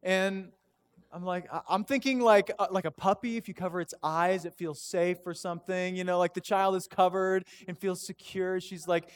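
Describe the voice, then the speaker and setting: A man preaching a sermon as pastor in a church, telling stories in an animated, self-deprecating way. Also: sits high, fairly quick, clean tone. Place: church sanctuary.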